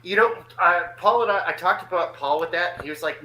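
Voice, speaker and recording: A man talking casually and excitedly on a podcast, rambling with lots of restarts. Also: high-pitched, brisk, roomy sound, low-quality recording.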